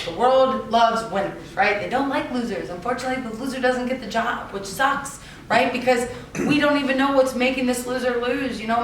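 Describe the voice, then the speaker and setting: A woman's voice: medium pitch, a bit bright. A woman telling her story to an audience in a chatty way, often adding "right?" and "like". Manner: chatty, many "right?" and "like" fillers. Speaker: fighter speaking to an audience. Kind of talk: storytelling talk. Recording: echoey room, mic far off, faint noise.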